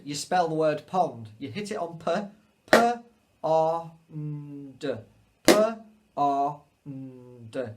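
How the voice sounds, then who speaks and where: Male music teacher, slightly high voice, patient and encouraging with young pupils. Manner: patient, encouraging, spells out rhythms. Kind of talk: remote music lesson for children.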